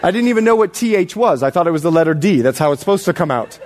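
A man from the Bahamas preaching a sermon, his voice sitting high with wide, lively swings of pitch. He tells stories with emphasis, dropping to hushed low lines for weight and rising again for punch. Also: very fast. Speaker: pastor.

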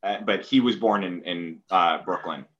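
A man from New City, a podcast guest talking casually and haltingly, full of ums and uhs. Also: low voice, a bit bright, muffled recording, a little hiss or hum. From New York City. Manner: hesitant, lots of fillers and restarts. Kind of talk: casual conversation.

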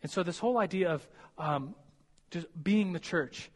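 A man's voice: high voice, normal speed, long reverb tail. A young man giving a chatty, self-deprecating sermon to college students, giggling and stumbling over his words. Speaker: preacher teaching college students. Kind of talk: casual sermon.

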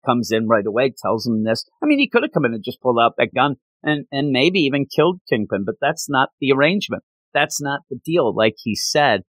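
A man gives a casual, rambling recap of a comic book story, clearly excited about it. His voice sits at an ordinary middle pitch. The recording is close and dry, with no room sound. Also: fairly quick, dry recording, poor audio. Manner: enthusiastic, rambling retelling.

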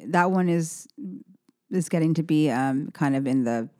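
A woman's voice: sits low, measured pace, dark tone, no echo, clean studio sound. A woman musician chatting as an interview guest, rambling and correcting herself, with easy laughs. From San Francisco Bay Area. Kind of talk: casual interview chat.

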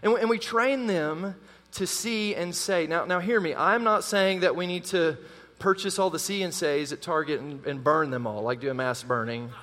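High-voiced pastor preaching in a reverberant hall. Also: male voice, moderate pace. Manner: animated preaching, calls to the congregation. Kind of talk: sermon.

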